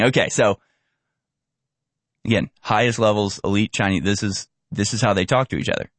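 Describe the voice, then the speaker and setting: A man's voice: lowish voice, normal speed, long pauses, no room sound. Male host, casual commentary, mocking impressions, dry mic. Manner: animated, acts out quoted voices mockingly. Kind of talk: casual political commentary over video clips.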